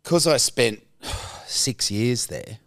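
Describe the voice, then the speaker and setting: A man's voice: mid-range voice, animated, extremely slow, fairly bright tone, no echo, clean studio sound. Rambling Australian man in his forties. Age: 40s. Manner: rambling, anecdotal, swears freely, laughs through stories. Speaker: actor guest. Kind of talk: casual podcast chat.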